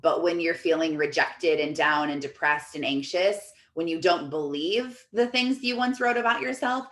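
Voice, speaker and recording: A woman's voice: deep voice, moderate pace, fairly bright tone, reverberant. A woman life coach hosting a group video call, chatting casually and reading out comments from the chat in an upbeat, encouraging way.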